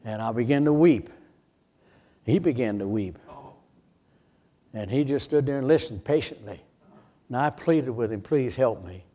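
In a muffled recording, an older pastor from Michigan tells his story softly, then raises his voice to plead loudly. His mid-range voice is animated, his pace a little slow, and he pauses often.

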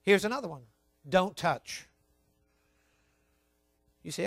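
A man preaching a sermon, emphatic and repetitive, telling his listeners to write points down, swinging between quiet asides and loud stressed words. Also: high-pitched, lively intonation, slow pace, no echo. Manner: emphatic, repeats key points, tells listeners to write things down. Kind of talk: sermon on child training.

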